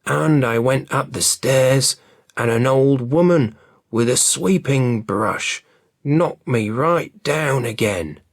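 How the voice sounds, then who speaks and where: Man reading scared robber, breathless, slow, low-pitched, dry storybook read. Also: dry recording. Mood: frightened. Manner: rushed, fearful complaining. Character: frightened male robber, breathless and shaken.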